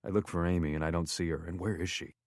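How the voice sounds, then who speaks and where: A man narrates a first-person audiobook in a low voice with sardonic, deadpan delivery. The close-mic recording is dry, with no room sound. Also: fast, no room sound. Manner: sardonic, deadpan inner monologue.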